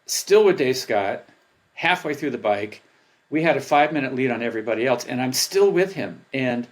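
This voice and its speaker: An older man, a former pro triathlete, telling stories in a casual interview, animated and laughing, acting out his past thoughts. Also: medium pitch. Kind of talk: casual storytelling.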